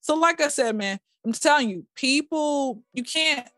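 A woman, a podcast guest, telling stories in a casual, animated way and acting out quotes in a high voice. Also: a little slow. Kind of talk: casual storytelling chat.

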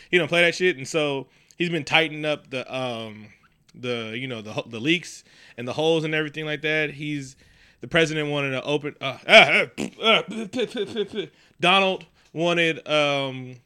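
A man's voice: fairly high pitch, moderate pace, sharp tone, clean tone. A man co-hosting a casual comedic podcast chat, rambling and profane, riffing with mocking impressions. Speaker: podcast co-host.

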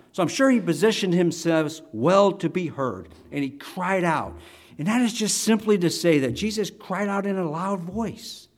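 A man's voice: on the high side, a little mellow. A man preaching a sermon in a conversational way, with restarts and asides, dropping almost to a whisper when he quotes scripture and rising again. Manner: varies volume widely, drops to near whisper for quotes. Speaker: pastor.

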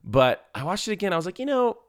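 A man co-hosting a podcast in casual chat, animated and swearing, acting out quotes with a jump up in voice. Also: fairly high pitch, very fast, dry recording, studio quality. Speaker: podcast co-host.

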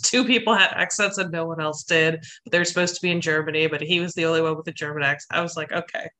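Woman podcast cohost, bright crisp tone but low pitch, laid back. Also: fast. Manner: relaxed, laughs between thoughts. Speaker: podcast co-host. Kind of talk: casual film discussion.

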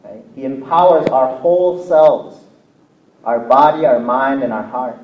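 Slow, animated preacher in an echoey sanctuary. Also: male voice, medium pitch, muffled recording. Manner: animated, swings from quiet to near-shouting; asks the congregation for agreement often. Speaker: pastor. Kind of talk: sermon. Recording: roomy echo, mic at a distance, faint noise.

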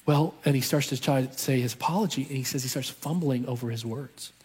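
A man's voice: medium pitch, brisk, darkish tone, husky. A man telling a story in a sermon, acting out the voices of the people in it. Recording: long reverb from a large hall.

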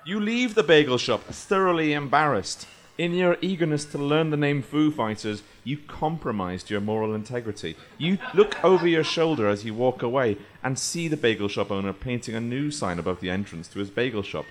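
A man narrates an improvised live comedy game in a rambling, playful way. His pitch swings freely, lively and animated. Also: fairly quick, hardly any pauses.

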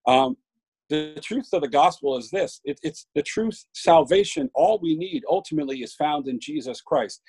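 A man preaches an informal sermon, earnest and building in emphasis as he stacks up points. His voice has a slight husky edge, sitting at an ordinary middle pitch. The sound is dry and close, with little room around it. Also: a little mellow, dry recording, poor audio. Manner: earnest, with frequent restarts and rising emphasis.

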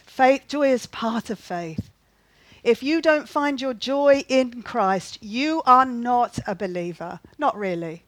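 A woman's voice: fairly high pitch, lively intonation, takes it slowly, no room sound, rough recording. Earnest woman preaching a sermon. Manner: earnest, repeats key phrases, asks the listeners questions.

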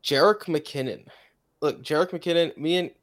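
A man's voice: on the high side, moderate pace. A man co-hosting a fantasy football podcast, running through stats and teasing his co-host. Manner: teasing, stat-driven. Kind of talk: casual fantasy football analysis.

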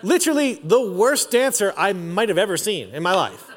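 A man's voice: high-pitched, very animated, moderate pace. A man in his forties preaching a sermon in a casual, slangy storytelling way, recorded in a church auditorium. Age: 40s. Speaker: pastor. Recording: long reverb of a large hall.

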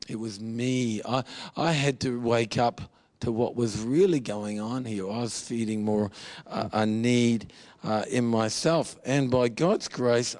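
A man's voice: mid-range voice, a little mellow, dry recording. A man preaching a sermon in an earnest, confessional way, with humor and repeated phrases. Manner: earnest, confessional, mixes jokes and repetition.

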